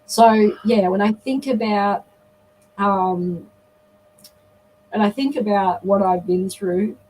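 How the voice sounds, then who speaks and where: On a low-quality recording, a middle-aged woman appearing as a guest in a live interview shares a personal story at a slow pace. Her medium-pitched voice has a darkish tone, and she speaks in an earnest, reflective manner, frequently acting out quoted dialogue.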